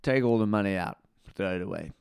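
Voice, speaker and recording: Pompous deadpan low-voiced man. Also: fast, gravelly, clean tone, no echo, studio quality. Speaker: dialect coach character. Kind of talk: deadpan comic interview.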